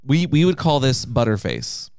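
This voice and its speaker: Playful man with lively pitch, dry sound. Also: moderate pace, dry recording. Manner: playful, teasing, animated. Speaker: podcast co-host. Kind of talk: casual chat.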